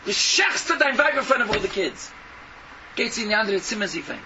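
A man preaching an impassioned sermon, scolding and firing rhetorical questions with bursts of shouting. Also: sits high, big pitch swings, fairly quick. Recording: distant, dull lo-fi, noisy.

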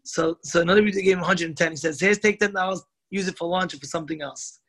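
A man telling a moral story in a sermon, animated, slowing down for emphasis and voicing the characters in his tale. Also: high voice, rough recording.

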